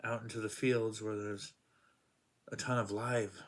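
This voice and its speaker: A man's voice: fairly low pitch, flat delivery, a little slow. A man casually reviewing comic books, rambling through plot summaries with many fillers.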